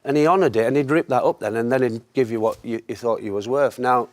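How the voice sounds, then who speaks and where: A man telling an anecdote in casual conversation as a guest, a lively storyteller who laughs often. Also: mid-range voice, quick pace. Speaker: former footballer, guest.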